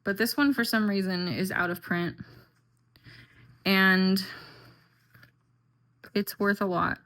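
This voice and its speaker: A woman's voice: medium pitch, steady tone, takes it slowly, a bit bright. Chatty, rambling woman vlogger. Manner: chatty and rambling, with frequent fillers and "like". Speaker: tarot and oracle deck vlogger. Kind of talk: casual chat.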